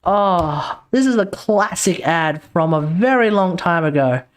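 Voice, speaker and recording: A man's voice: high voice, lively intonation, measured pace, clean tone. An Australian man chatting casually as a streamer, laid-back and explaining things while swearing freely. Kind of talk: casual chat while reacting to a video.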